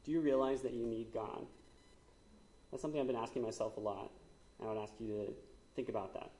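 A man's voice: mid-range voice, a little fast, dark tone, reverberant. A man, likely in his thirties, giving a conversational sermon with frequent fillers and asides, as the church's pastor.

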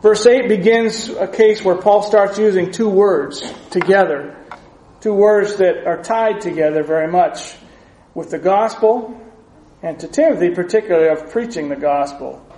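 Male pastor, higher register, earnest and measured; reads scripture mid-sermon, roomy echo. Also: dark tone. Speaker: preacher.

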